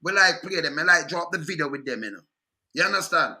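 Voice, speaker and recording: A Jamaican man with a high voice and a very bright, sharp tone, co-hosting a casual political chat. He talks in patois phrasing and often stumbles over and repeats his words. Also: expressive, fast. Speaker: co-host.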